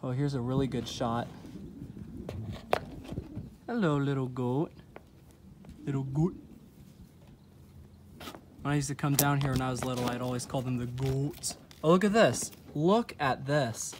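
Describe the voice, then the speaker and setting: A man's voice: mid-range voice, brisk, hardly any pauses, noisy background. A man vlogging at a ranch, chatting and cooing to goats, recorded on a phone outdoors. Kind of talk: casual vlog. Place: outdoors at a ranch by a goat pen.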